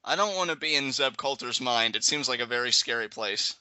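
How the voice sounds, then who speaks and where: A man's voice: mid-range voice, fairly quick, clear, resonant tone, no room sound, poor audio. A man co-hosting a casual live reaction chat, joking and playfully dramatic. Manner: animated, jokey, playfully dramatic. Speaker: guest co-host.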